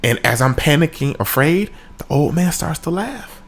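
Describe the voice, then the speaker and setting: A man telling a comic story from his own life, with sudden high-pitched exclamations. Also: lively intonation, normal speed, few pauses. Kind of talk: comedic story time. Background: faint music.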